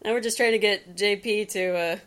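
A woman co-hosting a casual podcast, chatty and quick to laugh. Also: medium pitch, fairly even intonation, fairly bright tone. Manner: giggly, chatty. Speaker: podcast co-host.

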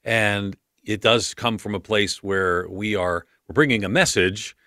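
A man hosting a podcast, asking eager, animated questions with quick restarts. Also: on the low side, no echo, clean studio sound. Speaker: podcast host. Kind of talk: casual interview conversation.

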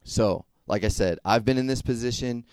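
A man's voice: medium pitch, moderate pace, a little mellow, no room sound. Casual young man preaching. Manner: conversational, checks in with frequent "okay?". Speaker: youth speaker. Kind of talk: casual sermon.

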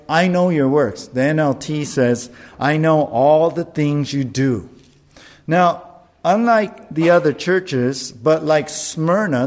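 A male pastor preaching a sermon, earnest and deliberate, with emphatic rises on key words. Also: medium pitch, a little mellow.

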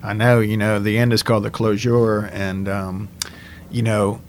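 A man's voice: fairly low pitch, little pitch movement, normal speed, slight background noise. A man with a Cajun accent from South Louisiana, interviewing a guest in a friendly, conversational way with frequent laughs and restarts.

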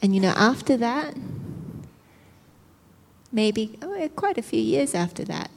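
A woman preacher telling a personal testimony as a sermon, animated and self-mocking, often laughing as she tells it. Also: fairly high pitch, slow, vocal fry, a little hiss or hum. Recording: reverberant hall.

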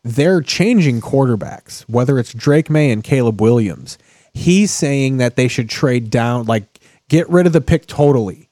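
A man's voice: mid-range voice, lively intonation, a little slow, warm tone, no room sound, clean studio sound. Profane ranting man. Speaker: podcast host. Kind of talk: casual chat while watching TV.

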